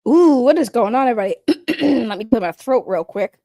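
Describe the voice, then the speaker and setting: A woman's voice: a little high, lively intonation, fairly quick, gravelly, dark tone, no echo, clean studio sound. A woman hosting a livestream in casual, rambling chat. She is blunt and joking and swears freely as she greets her viewers. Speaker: livestream host.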